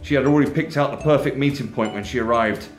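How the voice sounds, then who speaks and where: A man reading his own comedy novel aloud in a steady, measured narration. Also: medium pitch. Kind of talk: audiobook narration. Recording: echoey room, faint music.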